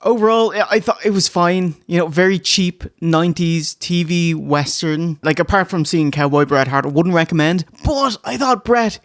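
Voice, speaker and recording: A man hosting a casual review podcast, chatty and quick to laugh. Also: high-pitched, no room sound, clean studio sound. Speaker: podcast host.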